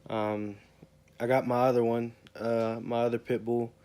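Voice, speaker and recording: A man's voice: mid-range voice, level tone, unhurried, mellow, clear, resonant tone. A young man talks in a rambling, emotional way in a casual personal vlog. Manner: rambling, emotional, repeats himself. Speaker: vlogger.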